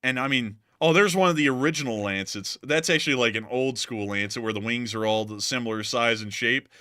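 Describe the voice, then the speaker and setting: A man's voice: medium pitch, brisk, bright, forceful tone, no room sound, clean studio sound. A man hosting a casual commentary show over war clips, joking, laughing and exclaiming as he reacts. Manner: jokey, laughing, exclaims "holy moly", mocks voices. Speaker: war news commentary host.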